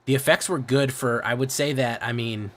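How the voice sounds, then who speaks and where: A man's voice: medium pitch, steady tone, moderate pace, a bit bright, a little hiss or hum. A young man with a Midwest American accent, chatting casually and profanely on a game stream, often restarting his sentences. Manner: profane, rambling, self-correcting. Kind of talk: casual livestream chat.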